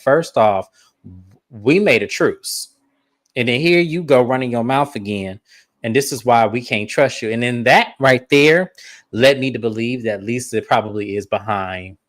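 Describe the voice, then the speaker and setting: A man co-hosting a casual reality TV recap, chatty and emphatic, with quick asides to viewers. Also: lowish voice, no echo, clean studio sound. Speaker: show co-host.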